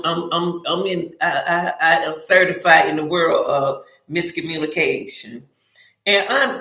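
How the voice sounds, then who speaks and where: Middle-aged woman host, outspoken and straight-talking, bright voice, roomy echo. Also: mid-range voice. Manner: blunt, animated, outspoken with dialect slang. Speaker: channel host. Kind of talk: casual advice talk. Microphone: phone or camera, livestream.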